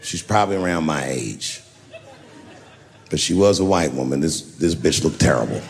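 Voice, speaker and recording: A man doing stand-up storytelling, conversational and animated, swinging between low asides and loud punchlines. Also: normal speed, vocal fry, some chatter behind. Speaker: stand-up comedian. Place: live theater on stage. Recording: long hall reverb, faint noise.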